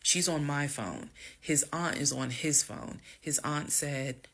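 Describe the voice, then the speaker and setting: A woman telling a story from her own life to viewers, emphatic and direct, dropping to hushed whispers and rising to loud bursts. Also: deep voice, takes it slowly, hardly any pauses, slightly rough. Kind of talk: storytime monologue.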